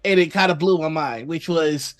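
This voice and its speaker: A woman's voice: deep voice, moderate pace, soft background music. A woman co-hosting a casual stream chat, laughing often and swearing freely. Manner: laughing often, profane and animated.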